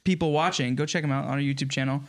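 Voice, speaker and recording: A man's voice: medium pitch, fairly even intonation, racing. A man co-hosting a podcast in casual chat, thoughtful and rambling, laughing often. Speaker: podcast co-host.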